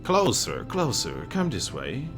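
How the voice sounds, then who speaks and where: A man's voice: medium pitch, huge pitch swings, takes it slowly, music in the background. A man voicing a ghostly chorus of pleading voices in a video game. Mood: eerie.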